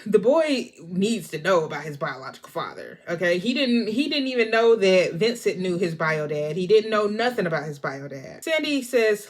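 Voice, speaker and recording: A woman recapping a movie in a chatty, expressive way, talking straight to her viewers. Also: medium pitch, moderate pace, few pauses. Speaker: movie reviewer.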